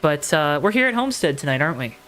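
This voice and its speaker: Talking fast and with lots of animation, a man with a higher-leaning, somewhat bright voice delivers live race commentary. He's hosting a sim racing broadcast from the booth, keeping it playful and conversational as he speaks right to viewers.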